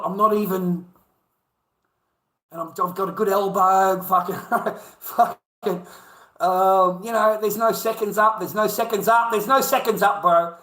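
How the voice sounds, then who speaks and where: A man with an Australian accent rambles through a coarse livestream rant, cursing in nearly every sentence. His voice sits noticeably high for a man, and the room around him rings with echo. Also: a bit bright. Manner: crude, swears constantly, rambling.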